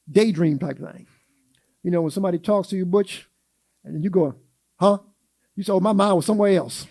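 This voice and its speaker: A man with a high, mellow voice teaches a church Sunday school class. He talks in a folksy way, puts questions to the class and acts out everyday quotes. The sound is close and dry, with no room around it. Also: no echo.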